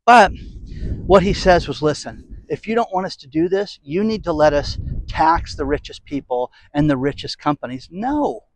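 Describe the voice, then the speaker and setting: Sarcastic ranting man, fairly high voice. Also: no echo. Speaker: political commentary vlogger. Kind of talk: opinionated commentary monologue.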